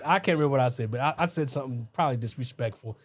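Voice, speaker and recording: A man's voice: medium pitch, racing. A man in casual podcast chat, telling a rambling, wisecracking story about a teacher. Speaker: podcast co-host.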